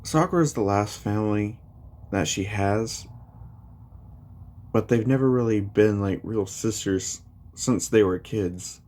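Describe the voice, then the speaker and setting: Man, casual storyteller, rambling with fillers, warm dark tone, slow delivery. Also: lowish voice. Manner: rambling, many fillers like "you know" and "like". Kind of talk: casual retelling of a fan story.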